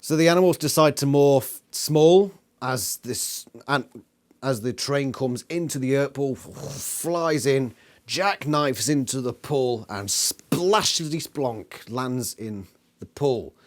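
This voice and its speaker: A man's voice: mid-range voice, slow pace. Sweary sarcastic man. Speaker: book reviewer. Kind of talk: casual book review vlog.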